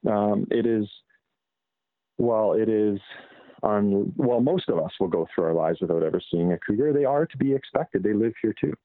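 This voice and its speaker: A man's voice: on the low side, no echo. Man on a tinny, dry phone line. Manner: measured, with frequent fillers and restarts. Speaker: guest wildlife expert. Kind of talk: casual interview over the phone.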